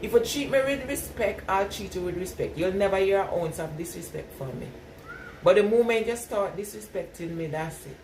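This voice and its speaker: A woman's voice: medium pitch, lively intonation, brisk. Chatty woman with a patois lilt. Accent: Jamaican patois mix. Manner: chatty, laughs often, replies to viewer comments. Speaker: vlogger chatting with live viewers. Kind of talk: casual live-stream chat. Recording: echoey, distant mic with loud background noise.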